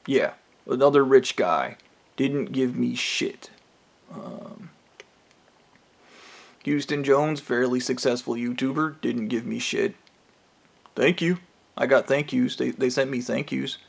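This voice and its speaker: A man at a middle pitch talks in a rough, gravelly voice. He rambles through a bitter personal monologue, profane and scornful. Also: a little slow. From United States. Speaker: vlogger. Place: trailer park home.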